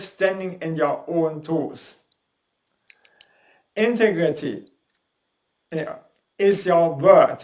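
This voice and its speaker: A man giving a spoken lesson on how to use the voice, in deliberate, non-native English and demonstrating sounds as he goes. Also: sits high. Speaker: voice and speaking coach. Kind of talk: instructional talk on speaking. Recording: roomy echo.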